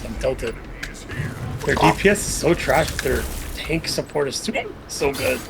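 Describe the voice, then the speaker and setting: A man's voice: mid-range voice, measured pace, vocal fry, music in the background. A young man in casual gaming chat as a teammate, grumbling and trash-talking about the match. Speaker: teammate in a team shooter.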